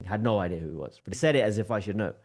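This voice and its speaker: A man, a podcast guest telling a lively anecdote in conversation and acting out the dialogue. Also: on the low side, very fast. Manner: lively, acts out quoted dialogue with shifting tone.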